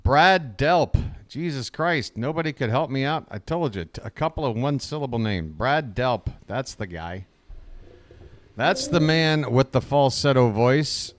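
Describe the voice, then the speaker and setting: A man's voice: medium pitch, lively intonation, normal speed, no echo. Rambling crude man streaming baseball. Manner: rambling, crude, self-talking banter. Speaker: livestream baseball commentator. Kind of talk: casual live-stream play-by-play chat.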